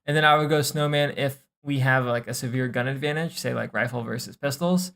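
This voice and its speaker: Young man, gravelly fry in his voice, laid-back game coaching, filler-heavy stream talk. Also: medium pitch, a little fast. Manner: relaxed, thinking aloud with many fillers and swearing. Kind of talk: casual gameplay review.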